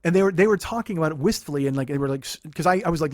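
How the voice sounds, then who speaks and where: A man in his forties, a comedian hosting a podcast, telling a funny story in a sarcastic, profane, animated way. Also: on the high side, racing, hardly any pauses, no room sound, studio quality. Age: 40s. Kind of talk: comic storytelling monologue.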